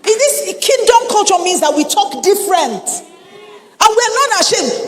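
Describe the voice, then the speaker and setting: A Nigerian woman pastor delivers a lively sermon with a pitch that leaps and dips. She mixes humor into her preaching and hammers points home by repetition. Her voice carries in a reverberant church hall. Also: normal speed. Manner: animated, humorous, repeats lines for emphasis.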